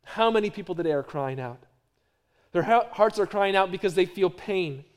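A middle-aged male pastor preaching a sermon, swinging from hushed, low phrases to loud, emphatic repeated lines. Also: animated, normal speed.

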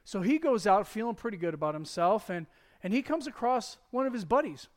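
A man giving a conversational sermon as pastor, retelling a Bible story in a casual, joking, animated way. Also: high voice, a little fast.

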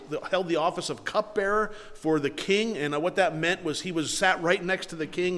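A man's voice: high voice, a bit bright. A man preaching a sermon as pastor, talking in a conversational way with frequent restarts, in a church hall.

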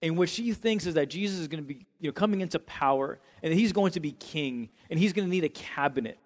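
A man preaching a sermon with animated delivery, often repeating words and restarting his sentences, then leading a closing prayer. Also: on the high side, quick pace. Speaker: pastor. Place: church sanctuary. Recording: long hall reverb.

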